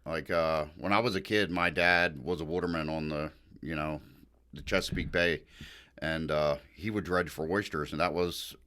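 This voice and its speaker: A man's voice: extremely low pitch, fairly even intonation, normal speed, bright, forceful tone. A man from Maryland, a guest brewer, chatting casually on a podcast and trailing off into fillers. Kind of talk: casual chat.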